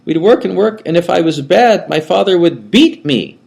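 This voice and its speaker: A man voicing an elderly Austrian-born monk with a high, thin voice and a German accent, telling his story in plain, childlike repeated phrases. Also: expressive, normal speed, vocal fry, a little mellow. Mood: earnest.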